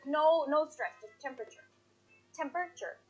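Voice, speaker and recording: A woman's voice: sits high, animated, normal speed, lo-fi sound. An American woman in a playful chat on a live stream, coaching English pronunciation, laughing often and drawing out words to demonstrate them.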